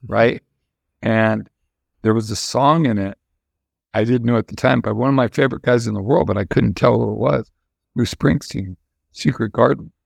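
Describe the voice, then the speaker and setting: A man's voice: on the low side, gravelly, slightly rough, no echo, clean studio sound. An older man, a musician guest, telling long candid stories in a casual interview, rambling with restarts.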